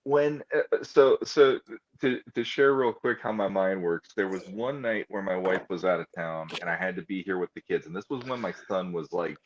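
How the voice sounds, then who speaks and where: A man's voice: deep voice, moderate pace. Laughing, rambling man on a dull line. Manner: rambling, self-mocking storyteller who laughs often. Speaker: co-host of a toy podcast. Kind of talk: casual chat.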